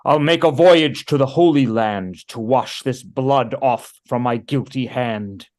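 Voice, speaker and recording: A man's voice: medium pitch, a little slow, lightly acted. A man reading the part of a guilt-stricken new king in a Shakespeare read-through over a video call. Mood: grave. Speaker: volunteer reader.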